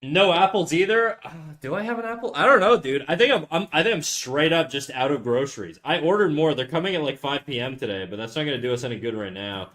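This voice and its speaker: His voice runs on the high side with lively intonation, a quick pace, few pauses and a fairly bright tone. A laid-back young streamer, he curses a lot and reads his chat aloud while drawing, using a USB condenser desk mic in an untreated room of his apartment.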